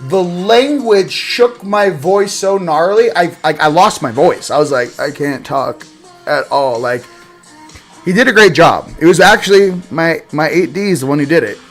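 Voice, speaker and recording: A man hosting a spiritual livestream in casual chat, rambling and joking and swinging between loud bursts and quiet asides. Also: on the high side, a little slow, soft background music.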